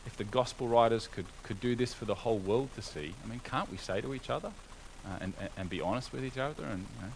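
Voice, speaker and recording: A man's voice: mid-range voice, fast talker, vocal fry, hardly any pauses, slight background noise, rough recording. A man preaching a sermon, earnest and conversational, building to emphatic exhortation with rhetorical questions.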